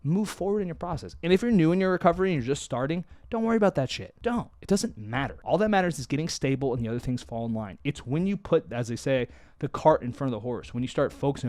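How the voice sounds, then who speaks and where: A man talking openly to camera in a vlog, candid and self-deprecating, moving between loud emphasis and quiet asides. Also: a little high, expressive, quick pace, no room sound, clean studio sound. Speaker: mental health vlogger.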